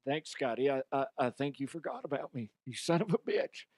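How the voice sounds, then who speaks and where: A man's voice: mid-range voice, expressive, fairly quick, darkish tone, dry recording. A man hosting a comedy podcast, ranting about odd news in an exaggerated way, laughing at his own jokes, close to the mic. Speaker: podcast host.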